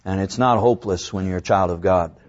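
A man preaching a sermon, reading scripture slowly and swinging between raised, urgent lines and low, hushed ones. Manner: preaching with dramatic rises and drops; slows down to draw out scripture quotes. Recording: dull lo-fi recording.

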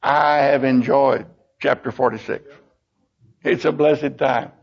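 A man's voice: mid-range voice, fairly even intonation, slow, creaky. An older man teaching a Bible lesson in a folksy, emotional way, acting out the scenes as he goes. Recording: dull lo-fi recording.

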